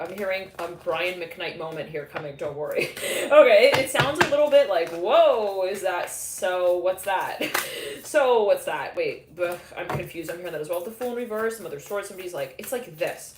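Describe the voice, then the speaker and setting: A woman's voice: lowish voice, lively intonation, fairly quick. A woman talks through a live tarot reading in a loose, rambling way. She restarts her phrases and often breaks into laughter. Her voice carries a roomy echo, with faint background noise. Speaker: tarot reader.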